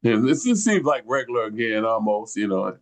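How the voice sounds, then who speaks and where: A man's voice: lowish voice, very animated, brisk. An older man from the Detroit area telling a long rambling story in casual chat, with many restarts. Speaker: podcast co-host.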